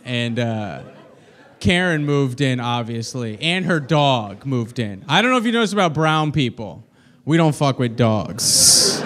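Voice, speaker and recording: A man doing a stand-up comedy set on a club stage, brash and crude, dropping to muttered asides and then rising to loud punchlines. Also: medium pitch.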